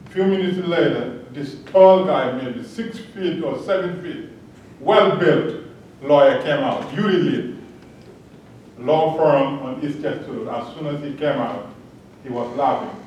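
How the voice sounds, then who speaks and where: Man, slow earnest storyteller, far from the mic, big echoing hall with faint rumble. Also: a little mellow, dull audio. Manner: earnest, storytelling, chuckles at own jokes. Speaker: panel respondent. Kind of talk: public talk with personal anecdote. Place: large lecture hall.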